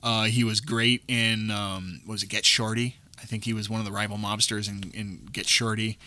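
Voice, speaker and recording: A man's voice: fairly low pitch, level tone, normal speed, bright, forceful tone, no echo. A man co-hosting a podcast, talking casually about a film in a rambling way with lots of restarts. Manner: rambling, restarts often, quotes lines from the film. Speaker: podcast co-host.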